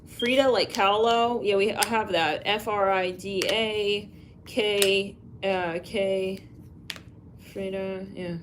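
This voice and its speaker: A woman's voice: mid-range voice, fairly even intonation, slow, background noise. A woman doing a live psychic reading, musing aloud, spelling out letters and names, with sighs and fillers. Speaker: psychic reader.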